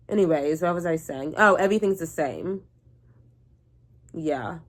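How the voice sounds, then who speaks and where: Young woman, slightly low voice, sleepy, rambling, casual swearing, vlog. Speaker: vlogger. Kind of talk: casual rant to camera.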